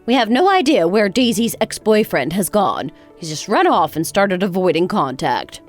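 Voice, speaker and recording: A woman's voice: mid-range voice, big pitch swings, normal speed, natural voice. Lady doing a nasty sarcastic older mother-in-law, voice swinging way up and down, faint music under it. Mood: scornful. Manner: cutting, sarcastic. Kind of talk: dramatized text story.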